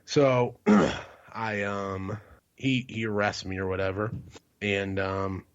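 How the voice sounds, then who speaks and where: A man with a somewhat low voice tells a rambling, profane story in casual podcast chat, laughing in between lines. The sound is muffled and lo-fi, as if from a cheap setup. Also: flat delivery, takes it slowly. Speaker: podcast co-host.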